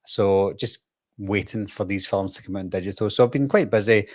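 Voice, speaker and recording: A man's voice: lowish voice, fairly quick, darkish tone. Chatty host man. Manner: chatty, rambling, laughs easily. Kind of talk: casual live-stream chat.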